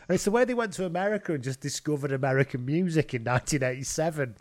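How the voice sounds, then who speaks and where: A man co-hosting a podcast, chatting casually and laughing often, swearing and doing quick mimicry. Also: fairly high pitch. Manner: giggly, swears, mimics accents. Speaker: podcast co-host. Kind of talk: casual sports chat.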